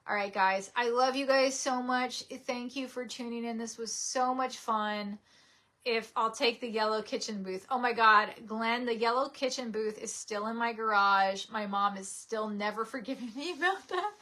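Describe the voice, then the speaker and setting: A woman's voice: a little high, fairly bright tone. A young woman host chatting casually on a live stream, giggling and reading viewer comments aloud.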